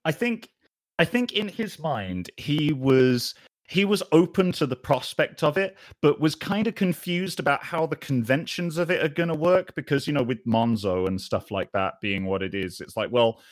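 A man with an English accent hosting a tabletop role-playing game, animated and jokey, laughing often. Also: on the high side, moderate pace, no echo, clean studio sound. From England. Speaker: podcast host and player. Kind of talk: improvised tabletop role-play with chat.

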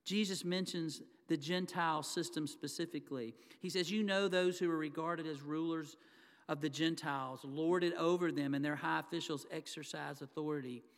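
This pastor's voice is on the high side, with fairly even intonation and a moderate pace. Preaching in a church sanctuary, he speaks conversationally to the congregation and acts out the quotations. The recording carries a long hall reverb.

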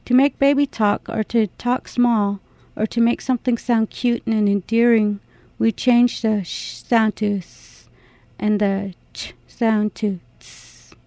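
A woman narrating a language lesson, explaining slowly and carefully. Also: fairly high pitch, steady tone, mellow, no room sound. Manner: slow, measured explanation.

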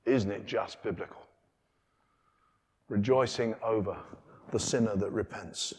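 Preacher in an echoing church. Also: male voice, lowish voice, fairly quick, breathy edge. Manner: conversational, animated, rhetorical questions. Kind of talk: sermon. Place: large church. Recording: long reverb of a large church.

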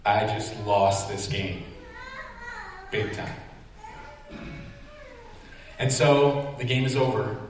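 A man's voice: lowish voice, slow, long pauses. Man preaching in an echoey hall. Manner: animated, self-deprecating storyteller who acts out his reactions. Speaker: pastor. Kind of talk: sermon storytelling. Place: large church sanctuary. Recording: echoey hall, distant mic, faint noise.

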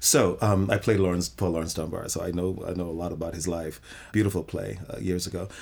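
Deep-voiced thoughtful male director. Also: fairly even intonation, quick pace, creaky, a little mellow, breathy edge. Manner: thoughtful, reflective, restarts often. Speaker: theater director. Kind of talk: interview conversation.

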